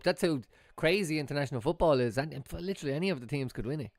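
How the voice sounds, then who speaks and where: Young male streamer, live watchalong commentary, voice sits a touch high, dry room, excitable with sudden shouts and swearing. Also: very fast, few pauses, no room sound. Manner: excitable, swears, jumps to loud outbursts. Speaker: fan streamer.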